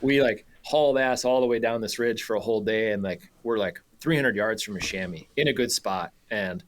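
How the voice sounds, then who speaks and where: A young man telling a travel story on a radio show, animated and laughing, with many fillers and restarts. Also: on the low side, brisk, slight background noise. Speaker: guest photographer and hunter.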